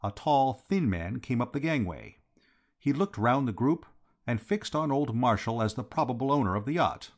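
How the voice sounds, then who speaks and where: Lively, slightly husky male narrator. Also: medium pitch, moderate pace. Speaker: audiobook narrator. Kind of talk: scripted narration.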